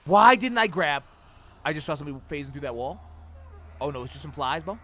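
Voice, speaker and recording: A young man streaming a horror game, reacting loudly with swearing, sudden shouts and jokes at his chat. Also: fairly high pitch, a little fast, slight background noise. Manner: loud, profane, excitable reactions with sudden shouts; trash-talking, joking with chat. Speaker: gaming streamer. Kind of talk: livestream gameplay commentary.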